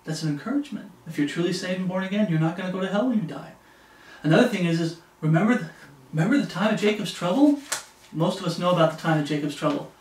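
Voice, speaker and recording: A man preaching an earnest, exhorting sermon in a fairly high voice. He reads scripture aloud with emphasis. The sound is roomy and echoey, and he is some distance from the mic. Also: animated, fast, a little hiss or hum. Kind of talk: bible teaching sermon.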